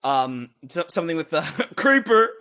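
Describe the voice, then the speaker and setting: A man co-hosting a podcast, rambling in casual banter and breaking into sung and shouted bits. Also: fairly high pitch, sing-song, moderate pace. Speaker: podcast co-host.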